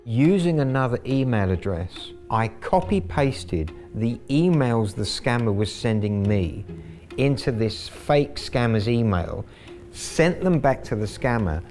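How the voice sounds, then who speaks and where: A man's voice: medium pitch, animated, measured pace, darkish tone, soft background music. A man telling his story as a scambaiter in a documentary, wry and gleeful in his anecdotal telling.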